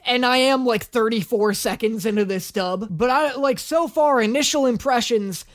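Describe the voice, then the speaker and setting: A woman hosting a comedic reaction video, talking in a sarcastic, animated and profane way. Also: a little high, normal speed.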